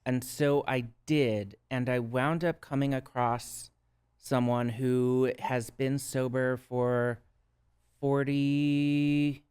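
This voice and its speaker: A man with a Minnesota accent talks through his own story as a podcast guest. His voice is smooth and clear at a middling pitch, and he keeps it earnest and reflective, often tagging his thoughts with a quick "right?". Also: level tone, darkish tone. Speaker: guest, substance use counselor. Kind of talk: casual podcast conversation.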